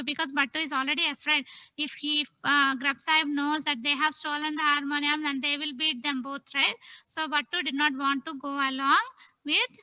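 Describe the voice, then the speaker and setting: Bright-voiced storyteller woman. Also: high-pitched, normal speed, no room sound, poor audio. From India. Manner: animated, asks children questions. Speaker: Sunday school teacher. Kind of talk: storytelling to children.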